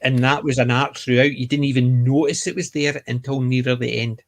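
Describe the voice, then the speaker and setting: A man's voice: medium pitch, fairly even intonation, fairly quick. A man on a fan panel in casual chat, opinionated and acting out little quotes. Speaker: podcast panelist.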